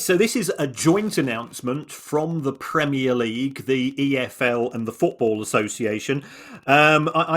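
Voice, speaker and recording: A man co-hosting a podcast, explaining points in a measured way with frequent restarts and repeated words. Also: mid-range voice, a bit bright. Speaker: podcast co-host. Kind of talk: conversational analysis.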